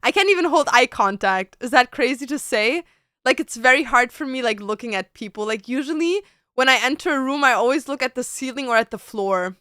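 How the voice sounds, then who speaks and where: A woman streamer talks casually and bluntly to her viewers, with plenty of swearing and "babes." Her voice is fairly high, bright and crisp, close and dry. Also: expressive, brisk, no room sound. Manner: blunt, profane, keeps calling listeners babes.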